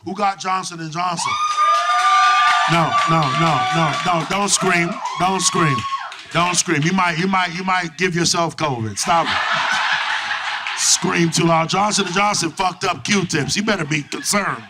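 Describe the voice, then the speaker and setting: A young man performing a stand-up comedy set, loud and profane, working the crowd with lively back-and-forth. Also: high-pitched, a little slow. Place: comedy club stage with live audience. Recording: noisy live club recording.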